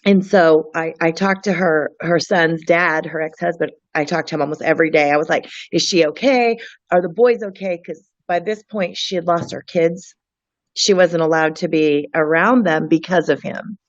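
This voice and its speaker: A woman speaking earnestly in an interview, with frequent restarts and a halting delivery. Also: low-pitched, fairly even intonation, dry recording, highs cut off. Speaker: guest, friend of a missing woman. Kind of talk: emotional interview talk.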